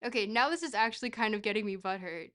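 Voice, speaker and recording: A woman's voice: mid-range voice, fast talker. A woman streamer chatting casually while playing a geography guessing game, rambling and poking fun at herself. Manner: rambling, self-mocking, bursts into excited shouts.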